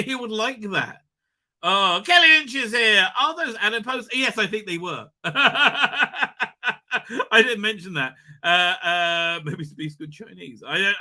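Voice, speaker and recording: Guy rambling on a livestream, swears a lot, voice jumps all over, really bright and sharp. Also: high voice. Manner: rambling, animated, laughs often, swears. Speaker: livestream host. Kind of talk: casual live-stream chat.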